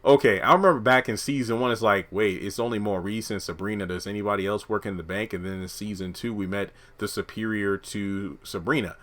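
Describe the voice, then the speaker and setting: A man's voice: on the low side, fairly even intonation, brisk, hardly any pauses, a bit bright. A man giving a casual, slangy recap of a TV episode, acting out the characters' lines as he goes. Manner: chatty, slangy, acts out quotes from the show. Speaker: show reviewer.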